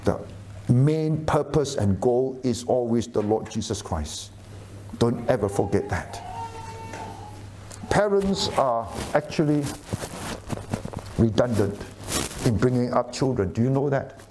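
A man's voice: medium pitch, expressive, takes it slowly, pauses often, noisy background. A middle-aged man preaching a sermon, emphatic and often asking the audience questions. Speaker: pastor.

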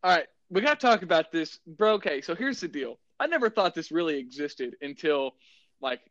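A man's voice: a little high, sing-song, brisk, fairly bright tone, no echo, muffled recording. Playful young man, dry close sound. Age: young adult. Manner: joking, playful interjections. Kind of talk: casual chat.

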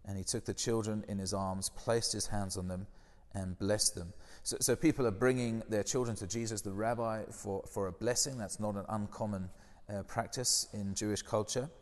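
A man's voice: lowish voice, steady tone, moderate pace, big-room sound. A man preaching a conversational sermon, often putting questions to his listeners.

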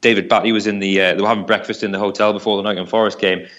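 A man with a lowish voice talks quickly through a football memory, doubling back on words as he goes. It sounds like a relaxed podcast chat between fans, loose and unscripted. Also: dull audio. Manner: rambling, repeats words while thinking. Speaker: football pundit, Newcastle fan. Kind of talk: casual podcast discussion.

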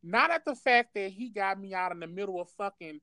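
A woman's voice: medium pitch, a little fast, no room sound. A woman tells a wild personal story to a friend in loose, casual chat. She swears constantly and keeps breaking into laughter. The recording is dry and close, with no room sound. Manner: profane, animated, laughs often.

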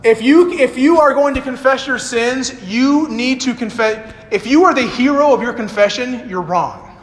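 High-voiced preacher in a reverberant hall. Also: male voice, normal speed. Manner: lively, quizzes the congregation and acts out quoted lines. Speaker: pastor. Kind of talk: sermon. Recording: long hall reverb, faint hiss.

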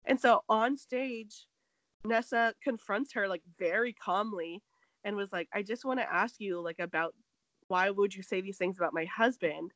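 In this low-quality clip with no room sound, a woman co-hosting a laid-back gossip show mentions that she is sick. Her mid-range voice moves at a normal speed as she animatedly recounts a story, performing each quote and peppering it with "like."

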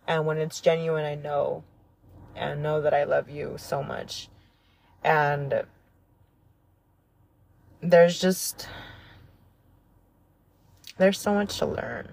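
A woman with a notably low, deep speaking voice hosts a reflective solo podcast. She talks in an earnest, heartfelt way that wanders as she thinks aloud, with frequent fillers and soft laughs. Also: steady tone, takes it slowly, vocal fry, long pauses. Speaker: podcast host.

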